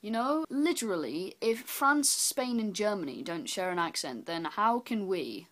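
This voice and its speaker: A woman from England with an English accent, giving a blunt, sweary, mock-serious explainer to the camera, swinging from high exclaims to low muttered asides. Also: animated, unhurried, a bit bright. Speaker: vlogger. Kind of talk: sarcastic explainer rant.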